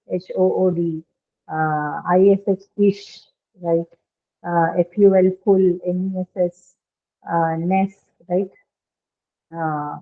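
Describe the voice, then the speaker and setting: Woman teacher, methodical explainer who keeps checking understanding; thin phone-line sound. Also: medium pitch. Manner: explains step by step, checks with "right?". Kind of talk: online lesson on word stress.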